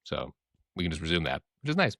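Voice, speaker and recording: With a rumbling low voice that's fairly bright in tone, a podcast co-host talks fast and very animatedly in a casual chat. He rambles, swears freely, and acts out quoted voices in his stories, all captured without echo.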